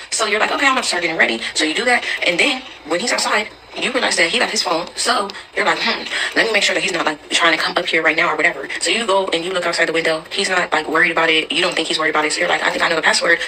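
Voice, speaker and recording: A woman telling a personal story in casual second person, chatty and quick. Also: lowish voice, sharp tone, a little hiss or hum, low-quality recording.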